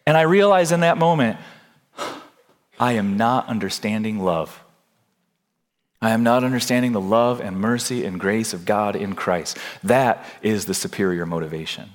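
A man's voice: on the low side, lively intonation, normal speed. A man preaching a sermon as a pastor, earnest, putting questions to his congregation.

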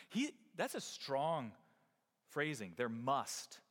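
A male pastor delivering a sermon to his congregation, with an emphatic delivery that swings between loud and soft. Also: sits high, sing-song, moderate pace, long reverb tail. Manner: emphatic, rising and falling preaching delivery.

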